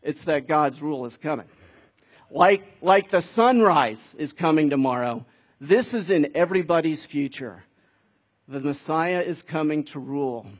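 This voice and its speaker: A man's voice: a little high, unhurried, breathy edge. A man preaching a sermon in a conversational way, building to emphatic peaks. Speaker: pastor.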